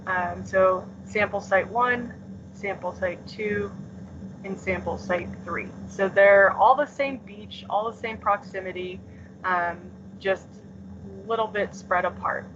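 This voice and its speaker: Woman teacher, mid pitch, relaxed filler-heavy delivery, muffled call audio with faint hiss. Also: slow. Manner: casual, filler-heavy explaining with many "um" and "like". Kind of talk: remote class lesson. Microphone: computer mic on a video call.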